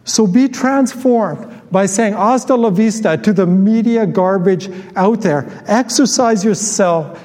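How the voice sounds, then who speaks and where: A man's voice: high voice, takes it slowly, hardly any pauses, mellow. A middle-aged man preaching a sermon in a church, conversational, with many fillers and restarts, often asking the congregation questions. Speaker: pastor. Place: church hall. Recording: live church hall with long reverb.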